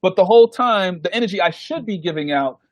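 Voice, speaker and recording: A man's voice: high voice, fast, no echo. A man, a guest DJ, telling a story in casual chat on a podcast and acting out the people he quotes. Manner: animated, acts out the people he quotes. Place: podcast recording.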